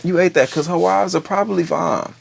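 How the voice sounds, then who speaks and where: A man's voice: high-pitched, fairly quick, vocal fry, a little hiss or hum. A man giving a casual, gossipy and profane episode recap, full of slang. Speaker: TV show reviewer.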